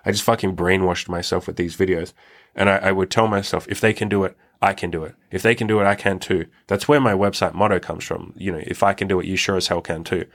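Young male podcast host, very low voice, candid and reflective, casual swearing. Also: fairly even intonation, fast, a bit bright. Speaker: podcast host telling his own story. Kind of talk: candid personal storytelling.

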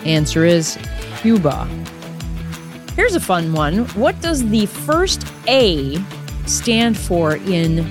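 A woman's voice: on the low side, sing-song, slow, music in the background. A woman hosting a casual quiz podcast, chatting straight to the listener. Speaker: podcast host.

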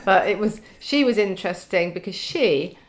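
A middle-aged Englishwoman chats casually as a podcast guest, spinning wry anecdotes. She laughs often through her stories, with a steady, medium-pitched voice. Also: moderate pace. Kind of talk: casual storytelling chat.

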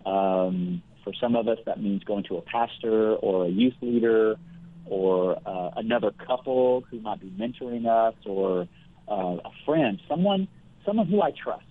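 A man speaking as the guest counselor in a conversational interview, explaining things earnestly and in a measured way, with everyday examples. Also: on the low side. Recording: phone-like thin line.

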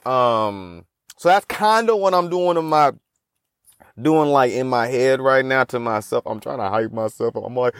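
A man's voice: mid-range voice, lively intonation, moderate pace, clean tone, no room sound. A young man hosting a solo podcast, talking in a profane, rambling and self-mocking way into a close mic. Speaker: podcast host. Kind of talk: casual solo podcast monologue.

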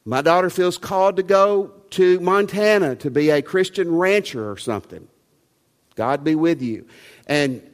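A male pastor delivers a sermon in a slightly high voice, driving each point home with rhetorical questions. The long reverb of a big sanctuary rings around him.

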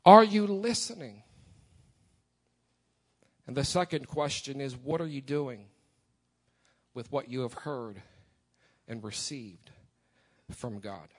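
A man's voice: medium pitch, takes it slowly, long pauses. A man in his forties preaching a sermon in church, asking the congregation questions and repeating lines for emphasis. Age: 40s. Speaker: pastor. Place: church sanctuary.

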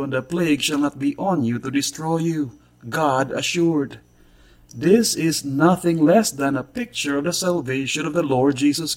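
A man delivering a short scripted gospel message in a measured, earnest way, quoting scripture. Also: a little high. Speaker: gospel preacher.

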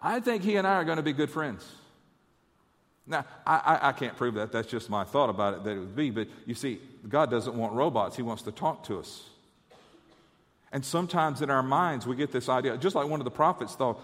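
A man's voice: medium pitch, expressive, brisk, fairly bright tone, in a large hall. A man preaching a conversational sermon, often repeating words as he stammers.

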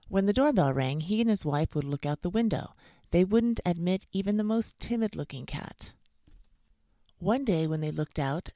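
Low, gravelly woman reading a bedtime story. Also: no room sound, clean studio sound. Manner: warm, cozy, expressive reading. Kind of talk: bedtime story read-aloud.

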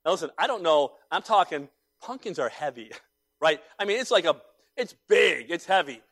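Middle-aged pastor guy, high voice, preaching hard then dropping real quiet, repeats himself a lot. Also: expressive, normal speed, gravelly. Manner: emphatic and repetitive, swinging between loud exhortation and hushed asides. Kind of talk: sermon.

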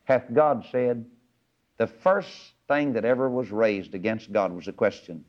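A man preaching a sermon, folksy, asking rhetorical questions and rising into sudden high emphatic bursts. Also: expressive, normal speed. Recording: muffled lo-fi sermon recording.

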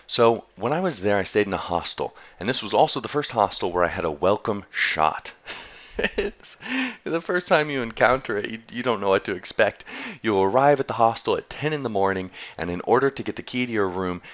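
A man's voice: lowish voice, fairly bright tone, dull audio. A man telling a travel story in a casual, chatty way, laughing often as he goes.

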